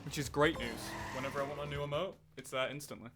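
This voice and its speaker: A man's voice: medium pitch, steady tone, fast talker. A man streaming a racing game, chatting casually and answering his viewers as he plays. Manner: chatty, replies to chat while racing. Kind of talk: live-stream gameplay chat. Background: game music.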